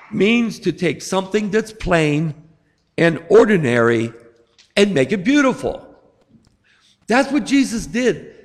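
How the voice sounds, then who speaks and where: A middle-aged man preaching a sermon to a congregation, slow and emphatic with dramatic pauses. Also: high voice, creaky. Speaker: pastor. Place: church sanctuary. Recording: long hall reverb.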